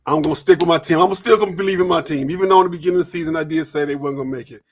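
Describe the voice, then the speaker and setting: A man hosts a loose, live sports talk show. His voice sits a little high. He rambles, restarts and fills pauses with uh.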